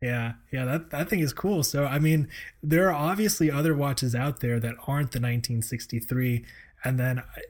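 A man's voice: mid-range voice, moderate pace. A man hosting a casual chat, rambling with many hesitations and laughing often. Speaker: podcast host.

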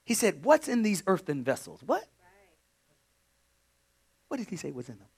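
A male pastor delivering a sermon, dropping to hushed whispers and then rising to shouted cries of praise. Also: high-pitched, huge pitch swings, normal speed, creaky, husky. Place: church sanctuary.

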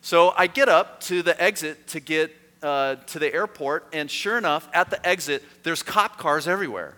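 Bright-voiced pastor in an echoey hall. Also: male voice, fairly high pitch, normal speed. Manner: conversational storytelling, lively and self-mocking. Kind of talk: sermon.

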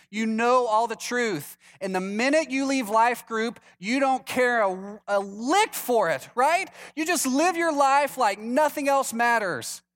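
A male pastor preaching a sermon with humor, acting out the people in the story in different voices. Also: sits high. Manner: lively, acts out quoted voices for humor.

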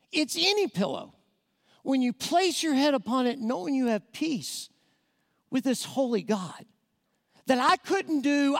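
A man preaching an evangelistic sermon as a guest speaker, emphatic and talking straight to the congregation, rushing some phrases and slowing hard on key words. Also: very high-pitched, creaky. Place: church sanctuary. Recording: long reverb of a large church hall.

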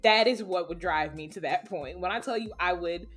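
A woman's voice: fairly low pitch, normal speed, a bit bright, slightly rough, faint music behind. A young adult woman co-hosting a podcast, talking in a blunt, emphatic, casual way and swearing freely. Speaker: podcast co-host.

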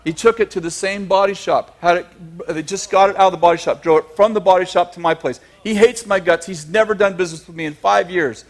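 A male preacher telling a long, humorous story in a sermon, animated and chuckling, with emphatic asides. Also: high-pitched, fast talker, hardly any pauses.

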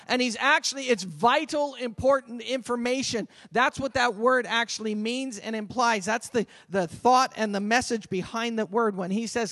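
A man preaching a sermon as pastor, swinging from loud emphatic calls to quiet conversational asides. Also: extremely high pitch, normal speed, hardly any pauses, dry recording, clean studio sound. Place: church sanctuary.

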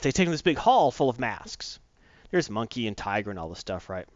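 A man in a casual chat, retelling a comic book story in animated fashion and acting out the characters' lines. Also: mid-range voice, fast talker, no echo, dull audio.

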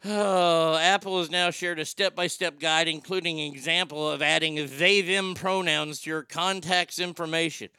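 Sarcastic man with a bright, clear voice. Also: a little high, steady tone, normal speed, hardly any pauses, no room sound. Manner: sarcastic, profane, rambling. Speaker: host. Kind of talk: casual comedic commentary.

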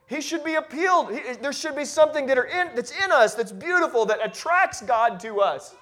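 A man preaching a sermon as pastor, moving from quiet reflective passages to loud, emphatic declarations and often repeating words as he builds. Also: extremely high pitch, animated, fairly quick. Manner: repeats and restarts words when carried along.

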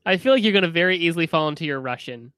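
A man's voice: a little high, expressive, racing, fairly bright tone, clean tone, dry recording. A man hosting a casual chat over a video call, blunt and teasing. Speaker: podcast host.

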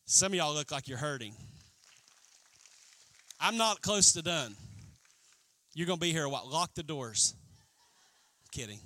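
A man pastor preaching a sermon, acting out quotes in an animated way. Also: fairly high pitch, unhurried, long pauses. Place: church.

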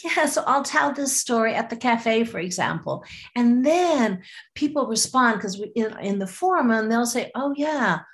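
A woman guest on a podcast interview, telling a fable in a lively way and acting out voices. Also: fairly high pitch, normal speed. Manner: lively, acts out voices, frequent restarts. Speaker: storyteller guest.

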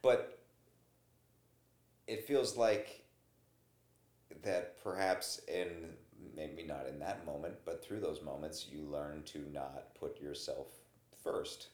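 A man with a low voice hosts a relaxed conversation. He steers it with thoughtful, probing questions. His voice carries a roomy echo. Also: slow, pauses often. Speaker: podcast host. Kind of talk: casual interview.

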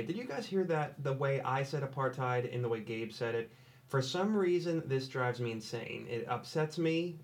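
American guy talking over a replay, mid voice, rambly and mock-annoyed. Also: mid-range voice. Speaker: podcast host. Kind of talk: solo commentary over a replay.

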